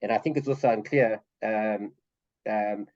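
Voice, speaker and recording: A man's voice: on the low side, a little slow, darkish tone, highs cut off. A man taking part in a casual group study over a call, hesitating and repeating words as he thinks aloud.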